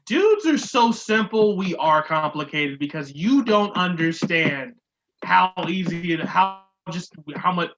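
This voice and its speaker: A man co-hosts a podcast, joking around and swearing casually as he riffs. His voice is fairly high for a man and has a bright, forward tone. He laughs easily and talks loosely. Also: measured pace, muffled recording, slight background noise. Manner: animated, joking, swears freely, laughs often. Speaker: podcast co-host. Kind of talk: casual TV recap chat.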